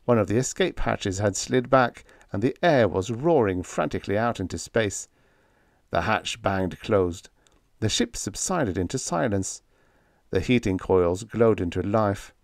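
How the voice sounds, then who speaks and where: A man narrating a science fiction audiobook in a lively, expressive reading. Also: on the low side, a little slow, no echo, studio quality. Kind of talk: scripted narration.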